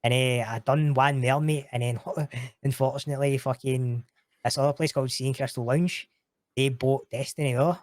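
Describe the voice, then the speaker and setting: A Scottish man spins long stories in a relaxed chat, animated and full of swearing. His voice sits at an ordinary middle pitch. The recording is dry and close. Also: moderate pace, no echo. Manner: animated, sweary, quotes others in raised voice. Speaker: guest. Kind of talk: casual storytelling chat.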